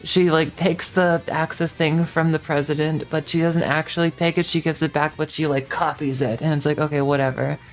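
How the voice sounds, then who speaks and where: A woman's voice: low voice, fairly even intonation, normal speed, hardly any pauses, faint music behind. A woman streamer giving a rambling, profane, sarcastic recap in casual chat.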